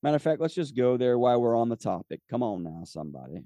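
A man teaches from the Bible for his podcast in a relaxed, conversational way. His mellow, low-toned voice keeps checking in with "okay?" as he reads scripture aloud. The close mic gives a dry sound. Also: moderate pace, pauses often, dry recording. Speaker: podcast host and preacher.

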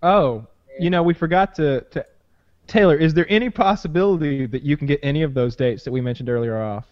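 A man's voice: fairly high pitch, fairly quick. A man chatting bluntly and casually as a podcast co-host. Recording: dull, lo-fi call audio.

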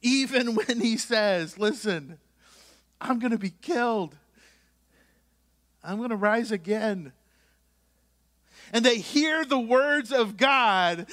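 A man's voice: extremely high pitch, lively intonation, slow, pauses often, fairly bright tone. A male pastor preaching a sermon in a conversational way, reading scripture and adding joking asides.

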